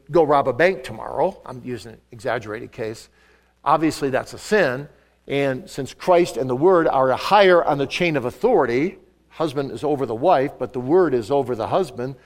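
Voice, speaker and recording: An older man preaching a sermon in a church, pressing some words hard and dropping others to a hush. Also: fairly high pitch. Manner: emphatic, swings between loud stresses and soft asides. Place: church sanctuary.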